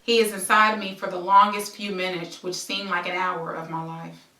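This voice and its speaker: A woman's voice: fairly low pitch, level tone, moderate pace, echoey room, far from the mic, noisy background. A woman reading her own memoir aloud as a present-tense story, breaking off into conversational asides. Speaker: memoir author and host.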